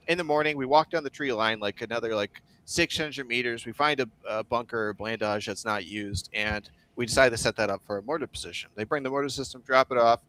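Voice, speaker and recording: A man's voice: mid-range voice, fairly quick, hardly any pauses. Swearing man telling war stories. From United States. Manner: profane, blunt, heavy swearing; wry, dark humor. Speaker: guest, foreign volunteer soldier. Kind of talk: casual war storytelling on a stream.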